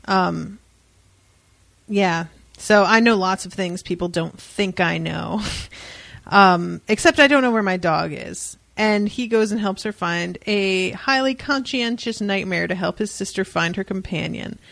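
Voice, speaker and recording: In a relaxed book-club podcast, a young female co-host recounts a funny story, dropping sardonic, swearing asides and imitating voices. She speaks at an easy pace, her medium-pitched voice creaky and a bit bright, with no room sound.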